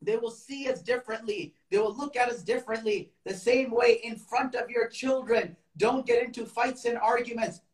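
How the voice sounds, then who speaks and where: A man giving a sermon in casual, conversational storytelling, with quick Quran recitation in between. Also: very high voice. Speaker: preacher. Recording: echoey room, mic at a distance.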